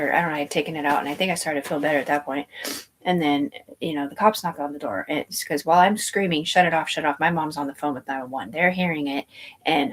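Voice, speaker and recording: A woman's voice: low voice, husky. A woman telling a long personal story in a rambling, tangential way, swearing freely and piling up fillers and asides. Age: adult.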